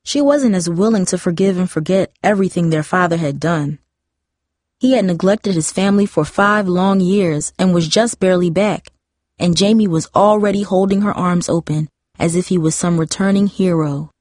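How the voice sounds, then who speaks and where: A woman reads a story aloud in a steady, measured way. Her voice sits on the lower side, and the recording is dry and close. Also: no echo. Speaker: narrator. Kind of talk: storybook narration.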